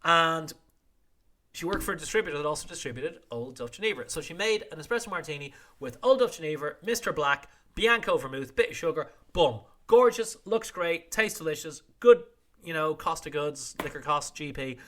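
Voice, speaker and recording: A man's voice: fairly high pitch, lively intonation, moderate pace, fairly bright tone. A middle-aged man hosting a podcast news roundup, wry and irreverent, swearing freely and acting out quotes. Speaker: podcast host. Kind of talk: casual news roundup monologue.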